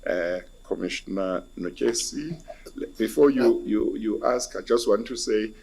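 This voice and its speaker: A South African man chairing a hearing panel, brisk and good-humoured, calling on speakers. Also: lowish voice, expressive, gravelly, background noise. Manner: brisk, chuckling asides.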